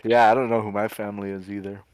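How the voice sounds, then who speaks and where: A man's voice: on the low side, flat delivery, fast talker, a little mellow, dry recording, close to an everyday voice. A man voicing an easygoing, upbeat young male adventurer.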